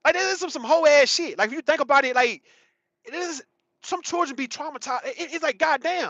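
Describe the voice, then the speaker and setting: A man's voice: very high-pitched, fairly quick, pushed and bright, no echo. A man in his thirties giving a rambling, profane, emphatic casual commentary monologue, often repeating himself. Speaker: commentary channel host. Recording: dull, muffled sound.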